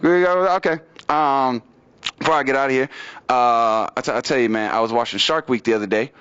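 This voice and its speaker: A man doing open mic stand-up comedy, with a loose, rambling delivery full of fillers and repeats, swinging his pitch widely for impressions. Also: fairly quick, a bit bright, clear, resonant tone, dull audio. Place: small studio stage with audience.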